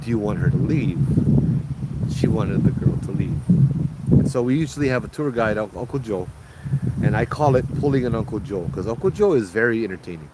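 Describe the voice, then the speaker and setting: Man telling a ghost story over loud wind. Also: on the low side, a little fast. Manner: animated, acts out quoted voices. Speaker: ghost tour guide, storyteller.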